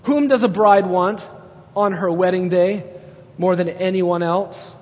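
A man's voice: high voice, steady tone, unhurried. Man preaching emphatically in a reverberant hall. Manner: emphatic preaching, rising to exclamations. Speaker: pastor. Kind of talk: sermon. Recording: dull sound with long hall reverb.

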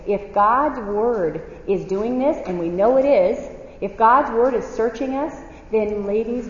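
A woman's voice: medium pitch, a little mellow. A woman teaching the Bible to a group of women, often asking the audience questions and waiting for their answers. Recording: echoey hall, dull lo-fi sound.

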